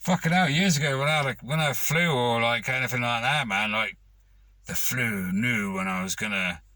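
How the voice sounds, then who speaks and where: A man's voice: mid-range voice, normal speed, bright, forceful tone, dry recording. A man ranting to camera, rambling and swearing with lots of fillers. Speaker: vlogger.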